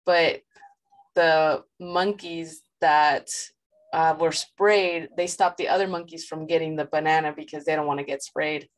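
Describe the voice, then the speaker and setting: A woman's voice: deep voice, fairly even intonation, a little slow, poor audio. Woman student telling a story casually. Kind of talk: class discussion.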